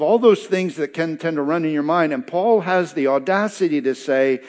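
A man's voice: fairly high pitch, normal speed, few pauses. A man preaching a sermon, reading scripture verses aloud and then explaining them with emphatic repetition. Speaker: pastor.

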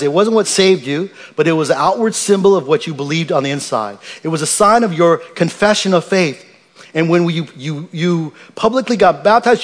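A man delivers a sermon from the pulpit in a slightly raised voice. He is earnest and emphatic, often circling back to restart a phrase. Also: sits high. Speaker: pastor.

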